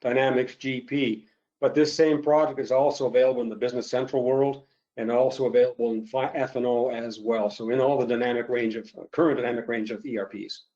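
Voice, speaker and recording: Male presenter, steady explanatory webinar demo; warm, muffled audio. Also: mid-range voice, fairly quick. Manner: explanatory, steady walkthrough with fillers.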